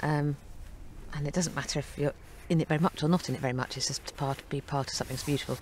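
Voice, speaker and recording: A woman's voice: sits low, fairly even intonation, fast, a little mellow, slight background noise. A woman speaking as an actress in a press interview about her film, chatty and good-humored. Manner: chatty and good-humored, often breaking into laughter.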